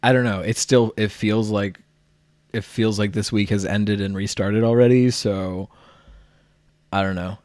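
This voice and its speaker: Low-voiced laid-back podcast co-host man. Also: fairly even intonation, a little slow, darkish tone, dry recording. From United States. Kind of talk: casual chat.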